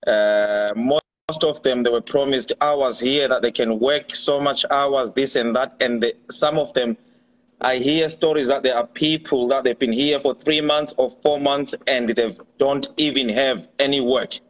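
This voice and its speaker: A man's voice: mid-range voice, fairly even intonation, a little slow. A man joining a live stream as a guest, talking hesitantly with many fillers. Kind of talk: call-in chat. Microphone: video call. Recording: dull lo-fi call audio.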